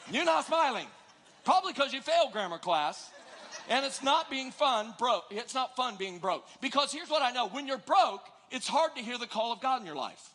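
A male preacher giving an energetic, joking sermon to a live audience, often questioning them. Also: extremely high pitch. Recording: long hall reverb.

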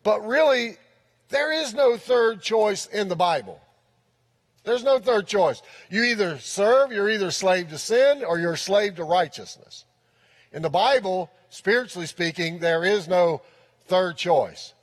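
A man's voice: sits high, lively intonation, unhurried. A man preaching a sermon as pastor, earnest and repeating his key phrases for emphasis. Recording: long reverb of a large hall.

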